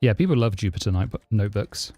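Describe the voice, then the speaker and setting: A fairly low-pitched man talks a little fast as he streams live, answering viewers' questions and warmly thanking subscribers. He's a programmer from southeast London, with a southern English accent close to RP but less posh. The audio is dry, and faint music sits behind it.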